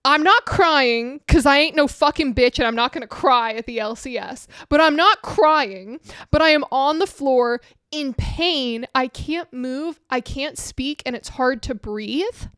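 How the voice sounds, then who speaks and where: A woman with a high voice co-hosts a podcast in casual chat, recorded dry and close on a studio mic. She tells stories expressively, swears freely and breaks into laughs mid-sentence. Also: unhurried, hardly any pauses, a bit bright, no room sound. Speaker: podcast co-host. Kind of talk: casual chat, animated storytelling.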